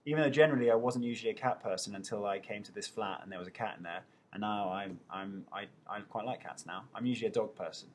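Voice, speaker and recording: A man's voice: fairly low pitch, fast, few pauses, slight background noise. A young man hosting a live webcam Q&A, chatting loosely as he reads out viewers' names and answers their questions. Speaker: TV host answering fan questions.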